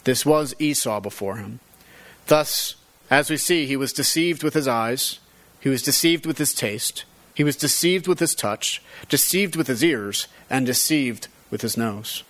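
A man's voice: medium pitch, a little slow, fairly bright tone. A man reading a Bible passage aloud and then explaining it verse by verse as a teacher, giving the quoted dialogue rising and falling emphasis. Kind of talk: scripture reading and commentary.

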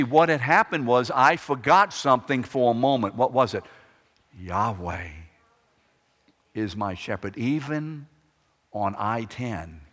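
A man preaching a sermon, swinging between loud, emphatic declarations and hushed, quiet lines. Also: mid-range voice. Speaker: pastor. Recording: long hall reverb.

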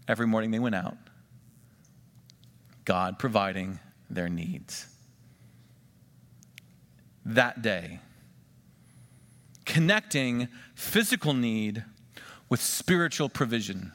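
A man preaching a sermon, swinging between emphatic rises and quiet drops, and drawing the congregation into questions and call-and-response. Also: on the low side, expressive, slow pace, long pauses. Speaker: pastor. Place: church sanctuary. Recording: long church reverb.

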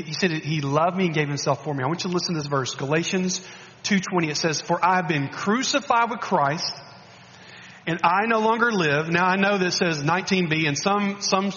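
Male guest preacher, animated sermon, high voice, reverberant hall, muffled recording. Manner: animated, repeats words and restarts, coaxing the congregation.

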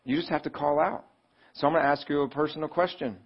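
A man's voice: steady tone, fast talker, husky. Guy pastor giving a sermon, chatty, asks the crowd stuff, kinda muffled lo-fi sound. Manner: conversational, asks the audience questions; acts out pleading voices with rising pitch.

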